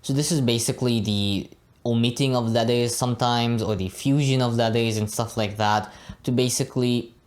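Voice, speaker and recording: A man's voice: mid-range voice, normal speed. A young man giving a casual Arabic pronunciation lesson, often tagging his sentences with "right?" and "you know". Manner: relaxed, frequently adds "right?" and "you know". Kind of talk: casual teaching monologue.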